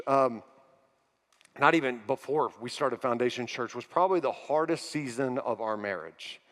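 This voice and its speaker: A man in his forties preaching a sermon as a pastor, earnest and building to emphatic repetition. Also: a little high. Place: large church auditorium. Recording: music bed in a long-reverb hall.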